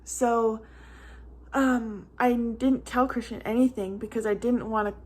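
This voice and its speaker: A woman's voice: fairly high pitch, steady tone, a little slow, a little mellow, breathy edge. A young woman and mother telling a casual storytime vlog, chatty and rambling with many "like" fillers, close to tears at times.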